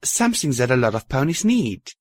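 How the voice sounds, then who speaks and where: A man's voice: medium pitch, big pitch swings, a little fast, no echo, pitched above the performer's own voice, rough recording. A man voicing a brash, blunt young mare adventurer in an audiobook of a pony story. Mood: coaxing. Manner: bold, blunt, lightly teasing.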